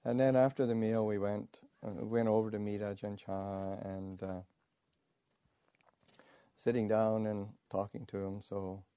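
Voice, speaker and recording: Male monk, dharma talk anecdote, low warm voice, halting with fillers, dry close sound. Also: little pitch movement, clean tone, no echo. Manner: halting, many pauses and fillers, chuckling storyteller. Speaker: Buddhist monk telling a story.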